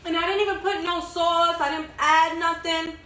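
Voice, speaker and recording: Her voice is very high, pushed and bright, with fairly even intonation and normal speed. She's a home cook hosting her own vlog in her home kitchen, chatty and enthusiastic, repeating herself as she cooks and tastes, recorded by a distant mic in an echoey space.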